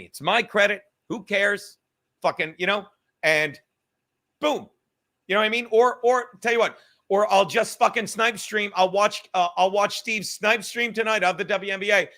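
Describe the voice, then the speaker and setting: A young man hosting a livestream, talking in a profane, rambling, animated way. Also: sits high, moderate pace. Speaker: livestream host. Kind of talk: casual livestream rant.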